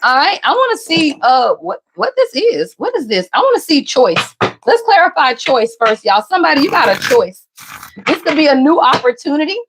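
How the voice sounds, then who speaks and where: A woman's voice: very animated, normal speed, fairly bright tone. A woman doing a casual tarot reading for viewers, talking emphatically and often calling out "somebody" and "y'all". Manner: emphatic, repeats "somebody" and "y'all", jumps in pitch. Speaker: tarot reader.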